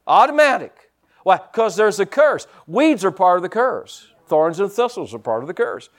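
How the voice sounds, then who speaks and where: Higher-voiced pastor preaching conversationally. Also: male voice, big pitch swings, normal speed. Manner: conversational preaching with frequent "amen" and "see"; swings between soft asides and louder emphatic points. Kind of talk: sermon.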